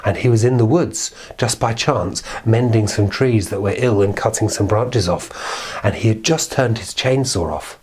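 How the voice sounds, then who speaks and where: Husky male children's storyteller. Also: on the low side, normal speed. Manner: animated, with sound effects and asides.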